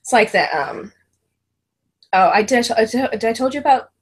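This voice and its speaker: A woman's voice: a little high, normal speed, breathy edge. A middle-aged woman co-hosting a casual chat about reality TV, telling stories with lots of laughter. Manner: giggly, animated storytelling. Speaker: co-host.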